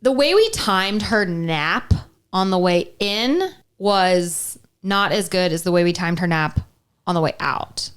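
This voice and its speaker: A woman's voice: fairly low pitch, animated, unhurried, a bit bright, clean tone. A woman co-hosting a casual podcast, talking animatedly, going into mock-indignant rants and laughing often. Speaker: podcast co-host. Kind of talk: casual chat.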